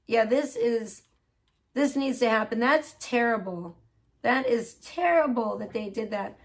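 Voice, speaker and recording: A woman's voice: fairly high pitch, measured pace. A woman hosting a casual livestream, reading a petition aloud and reacting with feeling. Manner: emotional and expressive, swearing at her computer. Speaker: livestream host.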